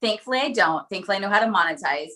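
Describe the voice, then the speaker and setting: Candid podcast guest, woman in her late thirties, mid-range voice, open and lively delivery. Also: mid-range voice, very fast. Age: late 30s. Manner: open, frank and animated, laughs often. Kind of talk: candid conversational storytelling.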